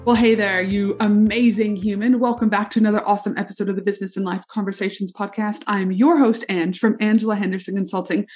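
A woman's voice: mid-range voice, steady tone, quick pace, hardly any pauses, a little mellow, soft background music. A middle-aged woman hosting her own podcast as a business coach, talking upbeat and enthusiastic in a solo monologue straight to the listener. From Canada.

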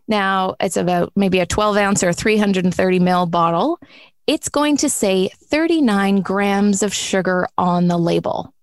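A woman's voice: mid-range voice, lively intonation, a little slow, dry recording, studio quality. A woman in her forties hosting a podcast about food, chatting casually and laughing often. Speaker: host.

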